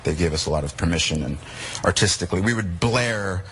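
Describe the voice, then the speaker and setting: A man answering an interview question in a relaxed, hesitant way, with many fillers. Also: low voice, fairly quick, slight background noise. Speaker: cast member interviewee.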